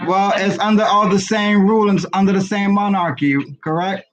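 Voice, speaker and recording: A man hosting a live reading stream, friendly and giving shout-outs and blessings to callers. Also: sits high, steady tone, normal speed, highs cut off.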